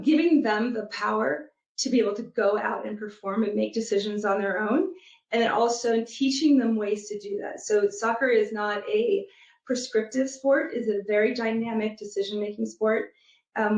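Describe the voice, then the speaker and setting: A woman's voice: mid-range voice, darkish tone, echoey room, low-quality recording. A woman guest answering interview questions thoughtfully, with frequent ums and restarts. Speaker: guest, product leader and youth soccer coach.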